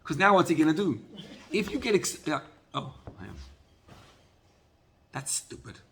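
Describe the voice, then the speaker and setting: A man teaching a Torah class as a rabbi, telling a story in an animated way and often repeating words. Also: on the high side, normal speed.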